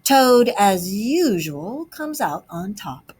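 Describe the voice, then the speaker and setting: A woman voicing a conceited, excitable male toad in a storybook reading, raising her voice for him. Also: medium pitch, slow, slightly rough, full character voice. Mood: boastful. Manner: conceited, excitable, swings between feeble and shouting. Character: boastful reckless male toad, disguised as washerwoman.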